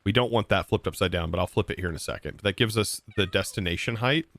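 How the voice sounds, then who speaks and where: A man's voice: on the low side, quick pace, gravelly, a bit bright. A man livestreaming a game, chatting casually to his viewers as he narrates each move he makes. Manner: chatty, narrates his moves and talks to chat. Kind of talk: live gameplay commentary.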